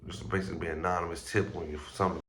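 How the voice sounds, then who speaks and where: A man with a low, level, slightly bright voice talks rapid-fire in casual vlog commentary as host of a street news vlog. He's loose, slangy, and profane, stumbling over words and sounding groggy as if he just woke up. There's slight background noise.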